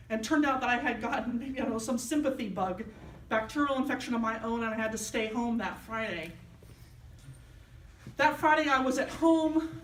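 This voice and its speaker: A woman's voice: fairly high pitch, slight background noise. Woman preacher telling a story, echoey hall. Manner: personal storytelling, acting out quoted voices. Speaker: minister. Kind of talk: sermon. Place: church sanctuary. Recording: echoey hall, mic at a distance.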